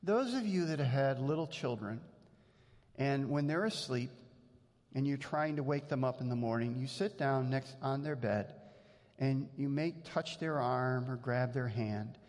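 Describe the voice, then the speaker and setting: A man's voice: mid-range voice, measured pace, darkish tone. Male pastor, earnest conversational sermon, long church reverb. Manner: earnest, conversational preaching with many restarts.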